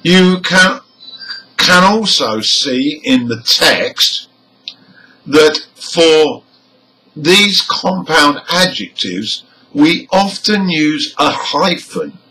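Male teacher, slow and deliberate, lively intonation, crisp over-enunciated examples. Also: fairly high pitch, rough recording. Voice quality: careful, over-enunciated delivery of example words. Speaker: English pronunciation teacher. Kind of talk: slow, deliberate lesson explanation.

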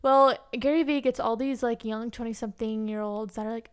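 A young woman chats on a casual podcast, animated and teasing with her co-host. Her voice sits a little high and bounces with playful energy. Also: brisk, few pauses, clean tone. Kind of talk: casual chat.

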